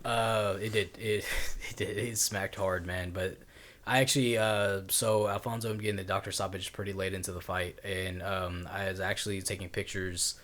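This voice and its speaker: A man with a fairly low voice co-hosts a casual podcast. He rambles through his points, leaning on fillers and restarts. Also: level tone, moderate pace, fairly bright tone. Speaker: podcast co-host. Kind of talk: casual chat about boxing.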